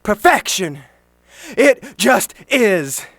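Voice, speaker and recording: A man performing a spoken word poem with intense emphasis, building from low murmurs to shouting. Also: big pitch swings, extremely slow, no room sound, clean studio sound. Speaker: slam poet.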